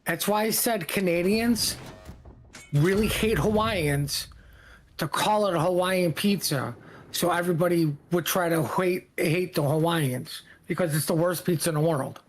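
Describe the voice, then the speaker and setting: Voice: mid-range voice, measured pace, soft background music. A co-host joking sarcastically in casual livestream chat.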